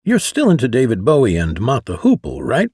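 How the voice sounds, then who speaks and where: A man's voice: medium pitch, huge pitch swings, fairly quick, darkish tone, slightly rough, no room sound, clean studio sound, heavily acted. A man reading the lines of a friendly young drummer calling a buddy, casual and eager.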